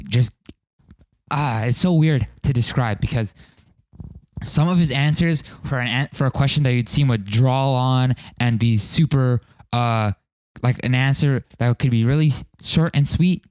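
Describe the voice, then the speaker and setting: A man's voice: mid-range voice, darkish tone, no room sound, studio quality. A man hosting a solo podcast in a casual monologue, rambling and swearing freely, often cutting himself off mid-sentence. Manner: rambling, profane, self-interrupting. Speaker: podcast host.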